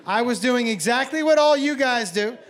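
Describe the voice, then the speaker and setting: Stand-up comic, man, higher voice, big swooping delivery; profane storyteller who plays every character in the anecdote, on stage with a handheld mic. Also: normal speed. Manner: animated, profane, acts out both sides of dialogue with sudden yelps. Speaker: stand-up comedian. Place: comedy stage before a live audience.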